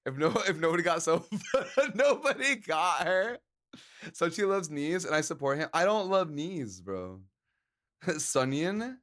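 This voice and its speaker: A man's voice: a little high, expressive, a little slow, a bit bright. A man live-streaming and chatting casually with his viewers, joking around and laughing often.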